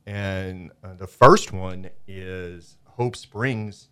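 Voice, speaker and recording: Low-voiced man, radio guest, enthusiastic rambler with filler words. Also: extremely slow, fairly bright tone, clean tone, no echo. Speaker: studio guest, media company owner. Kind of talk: casual radio chat. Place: radio studio.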